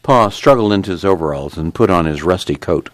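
A low-voiced man reads story narration, with plenty of movement in his pitch, in a dry, close recording. He narrates in an even, steady way. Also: a little fast, dry recording. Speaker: reader. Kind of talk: dramatic audiobook narration.

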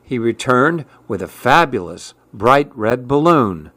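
A man narrating a rhyming storybook in a measured, rhythmic, expressive way. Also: mid-range voice, no echo.

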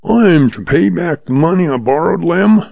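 A sly old outlaw drawls with patient, folksy calm, as a man puts him on. The voice sits higher than the narrator's and keeps a gravelly, husky edge. The sound is dull and lo-fi, in a storybook reading. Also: normal speed, dry recording.

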